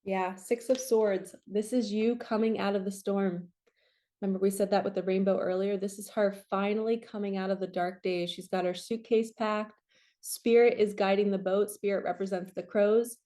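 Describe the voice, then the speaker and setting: A woman giving a casual, upbeat tarot reading as a spiritual coach, chatting encouragingly with quick asides. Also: medium pitch, fairly even intonation, mellow.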